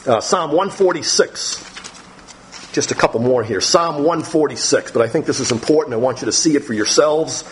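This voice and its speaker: A man preaching a sermon on the Psalms, talking straight to his listeners and reading scripture slowly with emphasis. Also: on the high side, a little hiss or hum. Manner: talks directly to listeners, thinks aloud. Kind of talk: sermon teaching through the Psalms.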